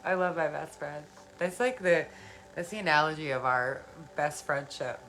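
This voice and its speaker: A woman's voice: sits low, moderate pace, a bit bright, soft background music, rough recording. A woman talking casually on a live stream, answering viewer comments in an earnest, encouraging way, laughing often and repeating phrases for emphasis. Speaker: spiritual self-help live streamer.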